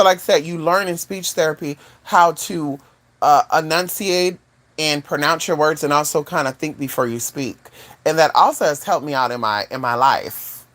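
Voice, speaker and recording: A woman vlogger telling a casual story to her viewers, animated, with asides to the audience. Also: normal speed. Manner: animated, swoops high for quoted voices, chatty asides to viewers.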